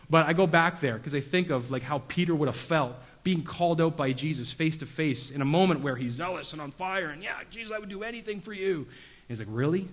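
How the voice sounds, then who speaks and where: Guy pastor telling stories in a sermon, kinda high voice, long echo from the hall. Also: a bit bright. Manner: casual storytelling with self-deprecating humor, many fillers.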